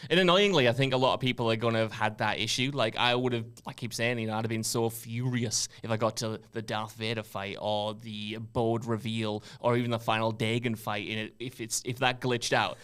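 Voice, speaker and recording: A man's voice: mid-range voice, steady tone, fairly quick, few pauses, fairly bright tone, clean tone. A man co-hosting a casual podcast chat who talks in a chatty way and laughs often. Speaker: podcast co-host.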